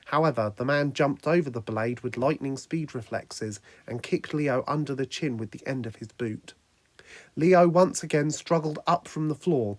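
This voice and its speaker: A man's voice: medium pitch, no echo. A man narrating a fan fiction action story, reading steadily aloud.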